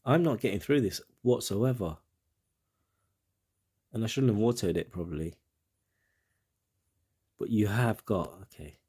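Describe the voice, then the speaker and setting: A man's voice: fairly low pitch, a little slow, pauses often, mellow, husky. A man with a British accent giving casual, rambling commentary on a game, with self-mocking asides.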